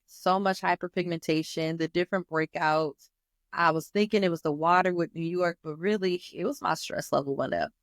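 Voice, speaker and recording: A woman's voice: low voice, dry recording, studio quality. Candid woman sharing a personal testimony. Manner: candid and animated, addresses listeners as y'all. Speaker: host.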